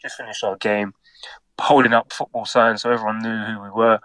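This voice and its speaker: A middle-aged former footballer from England tells a casual anecdote, speaking a little fast in a fairly low voice. He's an animated storyteller who acts out the quotes in it.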